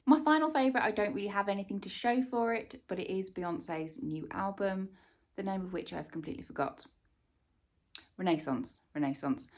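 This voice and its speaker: A woman, chatting casually about her monthly favourites, rambling warmly with plenty of fillers and asides. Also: sits low. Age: 40s. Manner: warmly enthusiastic recommendations. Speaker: lifestyle vlogger. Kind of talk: casual product-favourites chat.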